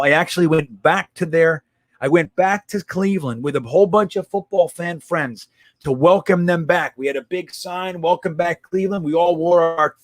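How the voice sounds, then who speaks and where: A man with a high voice hosts a casual live stream, reading out comments and answering them bluntly, swearing freely. The sound is dry and close, with no room around it. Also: no room sound. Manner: blunt, profane, reacts to chat.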